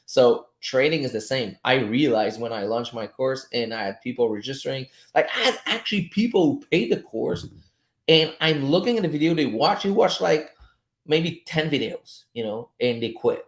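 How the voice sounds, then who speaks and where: A man's voice: mid-range voice, lively intonation, moderate pace. A French-native man coaching viewers through a live trading stream, loose and chatty, swearing now and then and chuckling as he talks. His voice sits in a middle register and bounces around a room with plenty of echo. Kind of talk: casual live-stream chat while reading charts. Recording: roomy echo.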